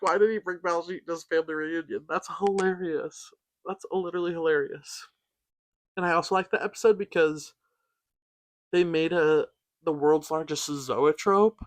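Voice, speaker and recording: A chatty man with a fairly high voice gives a casual, upbeat review of a cartoon, saying "like" between thoughts. The sound is close and dry, with no room echo. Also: a bit bright. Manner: chatty, upbeat, says "like" often. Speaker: show reviewer.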